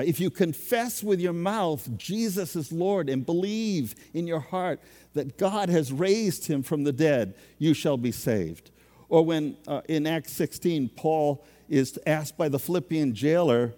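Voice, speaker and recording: Unhurried pastor preaching in a reverberant hall. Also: male voice, a little high, animated, mellow. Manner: conversational, self-deprecating preaching. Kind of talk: sermon.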